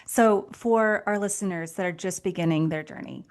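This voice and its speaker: A woman's voice: medium pitch, normal speed. A woman hosting a podcast interview, encouraging and affirming her guest. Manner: warm, encouraging, brief affirmations. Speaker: podcast host.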